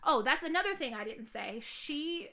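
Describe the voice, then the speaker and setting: Woman, young adult, higher-pitched, bright tone, casual profane chat, rambling fillers. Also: big pitch swings, moderate pace. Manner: candid, profane, storytelling with many fillers. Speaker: podcast co-host.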